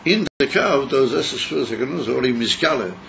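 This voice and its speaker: A man teaching a Chassidus class, halting and repeating words as he explains, mixing in Hebrew terms. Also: mid-range voice, lively intonation, gravelly, fairly bright tone, slight background noise. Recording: muffled class recording.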